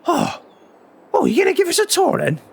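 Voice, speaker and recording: A man voicing a cheerful, chatty male farmer neighbour in a game roleplay, with a raspy, wobbly voice full of admiring "oh"s. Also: very high-pitched, huge pitch swings, normal speed, a little hiss or hum, pitched above the performer's own voice, exaggerated voice. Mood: friendly. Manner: friendly, impressed, lots of "oh"s.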